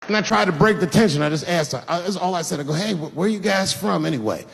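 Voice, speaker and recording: A man's voice: high voice, expressive, quick pace, creaky. A man doing stand-up comedy who tells stories conversationally and acts out the other people in them. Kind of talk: stand-up storytelling. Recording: roomy venue with long reverb and noise.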